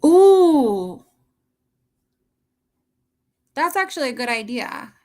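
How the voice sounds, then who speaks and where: A middle-aged woman chatting with her viewers from home in a loose, rambling way, often breaking into laughter. Her voice sits a little high and has a bright, sharp edge. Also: unhurried. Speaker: livestreamer. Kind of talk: casual chat with viewers.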